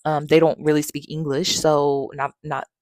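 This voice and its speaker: A young woman with a lowish voice tells a painful personal story in a raw, candid way. She speaks frankly and swears freely. Her voice sits close and dry, with no room sound around it. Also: little pitch movement, moderate pace, darkish tone, no room sound. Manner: frank, emotional, profanity-laced retelling. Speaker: podcast host.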